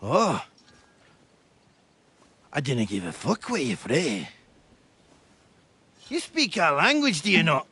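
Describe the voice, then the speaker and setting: An actor playing a crude, mocking Scottish troublemaker in a game, taunting and picking a fistfight. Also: male voice, fairly high pitch, huge pitch swings, slow pace, pauses often, pushed and bright, slightly rough, full character voice. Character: rowdy bawdy Scottish brawler, mocking and crude. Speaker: brawling troublemaker. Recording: game audio with music behind. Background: game music.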